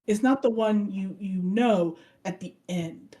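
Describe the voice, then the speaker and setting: A woman co-hosting a casual podcast retells an anime plot with energy, acting out the characters' lines as an animated storyteller. Her voice sits in the mid-range and moves a little slowly.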